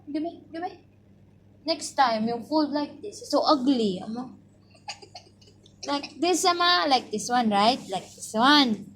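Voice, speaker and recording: A woman's voice: high-pitched, fairly bright tone, a little hiss or hum. A woman with a Filipino accent chatting casually at home at bedtime, coaxing a child and then reading a story aloud, tacking little particles onto her sentences. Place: bedroom at home.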